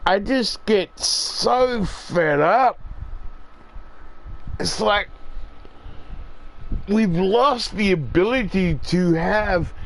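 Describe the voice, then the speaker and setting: A man's voice: high-pitched, extremely slow, long pauses, slight background noise, low-quality recording. A man in his forties talking in a casual, rambling and profane monologue, with lots of "it's like".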